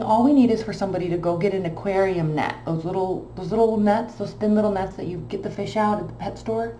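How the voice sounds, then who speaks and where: A woman telling a long personal story in a casual, emotional, rambling way. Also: mid-range voice. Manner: animated, emotional, rambling anecdote. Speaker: tarot reader. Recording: echoey room with faint background hum.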